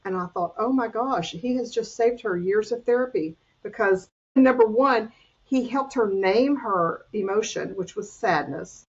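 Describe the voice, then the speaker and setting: An older woman with a breathy, husky voice speaks earnestly, sharing personal struggles in a faith-based podcast conversation. She restarts her sentences often as she works through her thoughts. The recording is dull and lo-fi. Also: medium pitch, a little slow. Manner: earnest, confessional, with frequent restarts. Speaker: weight-loss coach.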